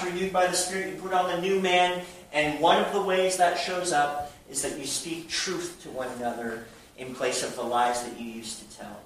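A pastor preaches to his congregation in a church sanctuary, emphatic and full of rhetorical questions, in a medium-pitched, fairly bright voice. The recording is taken from far off in a very echoey room with faint noise.

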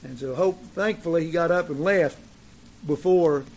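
A man preaching a sermon, swinging between emphatic declarations and relaxed, folksy storytelling with plenty of fillers. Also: a little high, normal speed.

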